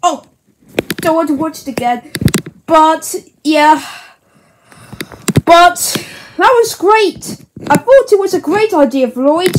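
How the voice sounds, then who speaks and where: Very high, slow-spoken woman host of a toy-play video, chatty and excitable; heavy hiss and clicks on the track. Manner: chatty, excitable, talks to her toys. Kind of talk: casual toy reaction video. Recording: loud background hiss and clicks.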